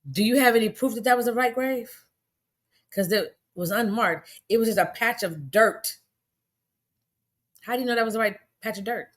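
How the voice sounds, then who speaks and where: Furious, profane woman ranting on a livestream. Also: medium pitch. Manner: angry, profane, rhetorical questions. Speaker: commentator. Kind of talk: angry livestream rant. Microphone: phone.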